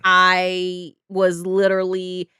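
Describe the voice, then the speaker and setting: A woman co-hosting a reaction show, talking excitedly and casually about a TV episode, swearing now and then. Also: lowish voice, slow, clear, resonant tone, dry recording, studio quality. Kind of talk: casual chat reviewing a TV episode.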